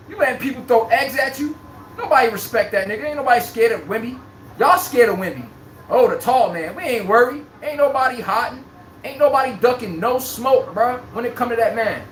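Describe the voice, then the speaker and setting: A man's voice: very high voice, fairly bright tone, slight background noise. Man, sports livestream host, brash trash talk, laughs a lot, echoey room. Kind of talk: live-streamed fan commentary reading chat.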